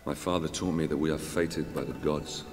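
Deep, grave Roman nobleman for a game cutscene, solemn and measured, music under it. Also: steady tone, darkish tone. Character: grave Roman nobleman narrating his story. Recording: game audio played through TV speakers.

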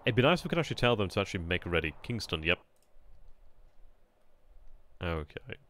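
A man casually commentating as he plays a strategy game, chatty and excitable, often laughing at himself. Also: low-pitched, fairly quick. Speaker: gameplay commentator. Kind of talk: casual let's-play commentary.

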